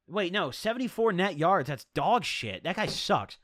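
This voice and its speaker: A man's voice: sits high, very animated, measured pace, fairly bright tone, no room sound, studio quality. A young man telling a rambling, profane story to his viewers in casual slang.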